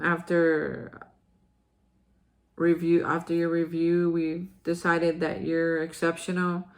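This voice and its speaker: A woman hosting a recovery reflection, telling a personal story in an earnest, emotional way, with many fillers and restarts. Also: fairly low pitch. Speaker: host sharing daily recovery reflections.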